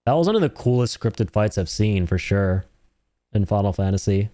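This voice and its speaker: A man streaming a game, giving casual, slangy, excitable commentary full of swearing. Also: lowish voice, normal speed, dry recording, clean studio sound.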